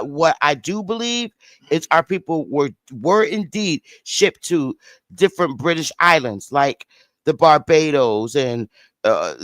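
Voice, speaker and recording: A man arguing hard in a casual livestream debate, slangy and insistent, hammering his points with repetition. His voice sits a bit high and comes through smooth and clean, in a dry, close recording. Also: fairly bright tone, dry recording. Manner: emphatic, repeats himself, slangy. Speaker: livestream host. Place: home studio.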